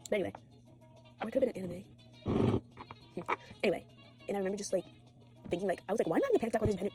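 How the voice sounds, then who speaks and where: A woman's voice: mid-range voice, a little mellow. A teenage girl vlogging at home after an all-nighter, tired, swearing and rambling from topic to topic. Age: teens. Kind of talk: rambling late-night vlog.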